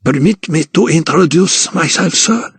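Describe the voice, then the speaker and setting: A man voicing a proud, dapper dwarf count with a Polish accent, speaking in a haughty hoarse whisper. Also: on the high side, animated, measured pace, no echo, voice pushed up, exaggerated voice. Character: small dapper male foreign count, proud.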